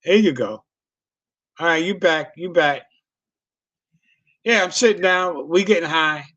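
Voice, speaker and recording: A middle-aged man tells a loose, profanity-laced story, circling back and laughing as he goes. His voice sits a little high for a man. The sound is dry and close, with no room around it. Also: a little slow, fairly bright tone, no echo, dull audio. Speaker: comedian. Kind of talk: casual storytelling on a video call.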